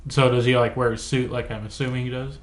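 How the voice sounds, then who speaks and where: A man co-hosting a casual podcast chat with a deadpan delivery. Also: mid-range voice, fast, roomy sound. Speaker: podcast co-host.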